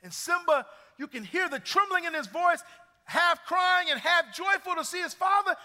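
A middle-aged pastor preaches a sermon in a church sanctuary, building emphasis and retelling stories with energy. His voice is very high-pitched, animated and sharp-toned at a moderate pace. Long hall reverb colours the recording.

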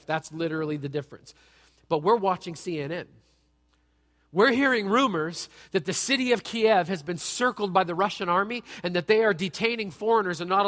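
A man giving a sermon as a pastor, with an animated, conversational delivery that jokes and asks the audience questions. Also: high-pitched. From United States. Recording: long reverb from a large hall.

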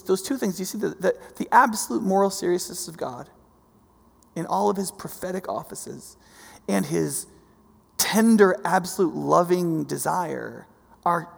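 A man preaching a sermon, animated, swinging from soft to loud and often repeating himself. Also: sits high, moderate pace. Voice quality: gravelly. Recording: long hall reverb.

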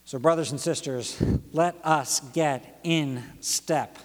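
A man's voice: fairly high pitch, takes it slowly. Man preaching in a reverberant church. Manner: rhythmic, dynamic preaching with dramatic drops to near whisper and rising emphatic peaks. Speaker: pastor. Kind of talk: sermon. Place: church sanctuary.

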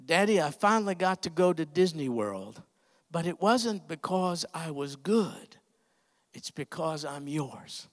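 A man's voice: a little high, expressive, unhurried. A man voicing a frightened, tearful adopted little girl within a sermon story.

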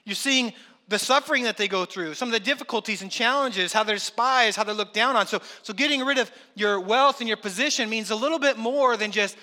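A man's voice: very high voice, a little fast, bright, forceful tone. A man preaching a sermon, reading scripture and then talking it through in a conversational way, acting out everyday voices. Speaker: pastor. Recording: long hall reverb.

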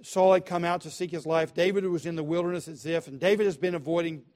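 A male pastor preaching a sermon, emphatic and repetitive, swinging between quiet asides and loud stresses. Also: fairly high pitch, fairly even intonation, quick pace.

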